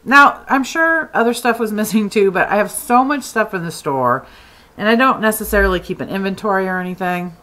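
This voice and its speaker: A woman's voice: medium pitch, brisk, low-quality recording. A woman from Texas, chatting casually as she tells a story about her candle shop. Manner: chatty, animated retelling with many "like"s.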